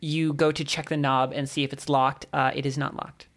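A man narrating as game master of a tabletop game, describing scenes with loose, relaxed hesitations. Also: medium pitch, moderate pace.

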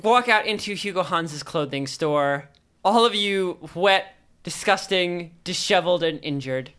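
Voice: medium pitch, expressive, measured pace, a bit bright, smooth. A game master narrating a tabletop game in a playful, joking way. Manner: playful, laughs at own narration.

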